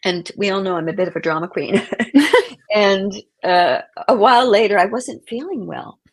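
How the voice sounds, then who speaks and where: Speaking at a moderate pace with a medium-pitched, expressive voice, this middle-aged woman is a guest sharing something personal. She brings emotion to it and performs the quoted voices vividly.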